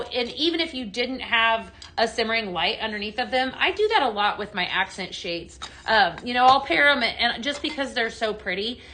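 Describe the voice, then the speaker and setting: A woman's voice: fairly high pitch, bright, forceful tone. A woman hosting a chatty live shopping stream, bubbly and upbeat as she demos products and greets viewers by name.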